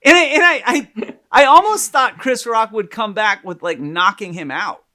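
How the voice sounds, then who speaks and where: Animated, bright-voiced man telling a story. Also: high-pitched, a little slow. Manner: animated storyteller, laughs and restarts, swears. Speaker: podcast co-host, psychologist. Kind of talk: casual chat.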